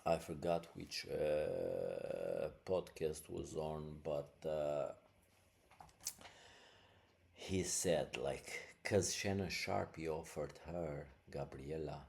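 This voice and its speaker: A man's voice: a bass voice, lively intonation, very slow, gravelly, a little mellow. A man hosting a podcast, talking casually and rambling, with many fillers. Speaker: podcast host. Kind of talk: casual commentary.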